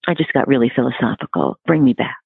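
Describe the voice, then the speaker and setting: Over a dry, tinny, phone-like line, this relationship expert in her forties chats in a casual interview with a bass-deep, expressive voice that moves fast, with vocal fry and slight roughness and no echo. She is frank, blunt and philosophical.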